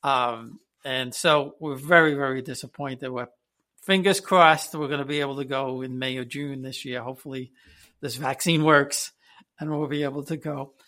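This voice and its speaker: A man's voice: medium pitch, fairly even intonation, moderate pace, sharp tone. A man hosting a casual interview, talking conversationally with frequent fillers. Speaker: podcast host.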